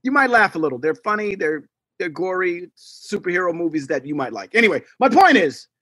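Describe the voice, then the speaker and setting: A man co-hosting a podcast, telling animated stories and acting out the quotes in casual chat. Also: high-pitched, a little fast, dry recording, studio quality. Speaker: podcast co-host.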